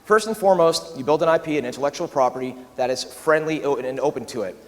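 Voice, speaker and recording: A man giving a conference talk in a quick, animated way, often acting out quoted asides. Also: fairly high pitch. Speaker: conference speaker. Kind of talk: keynote talk. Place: large conference hall. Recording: long reverb of a large hall.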